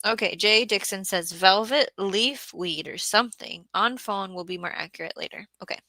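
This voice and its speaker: Worn out from a rough day, a Southeast Florida gardening streamer reads comments and chats casually on her live stream. Her mid-range voice is gravelly yet bright, moving at a normal speed through a close, dry mic with no room sound, and she talks her thoughts through aloud with frequent throat clearing.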